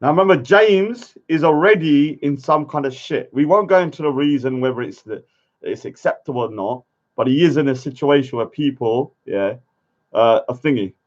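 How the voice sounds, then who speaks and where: A man talks straight to his camera in a loose, rambling way, breaking off to mutter asides. His voice sits at a middling pitch. The recording sounds dull and lo-fi. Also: lively intonation, normal speed. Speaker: vlogger. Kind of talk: casual commentary to camera.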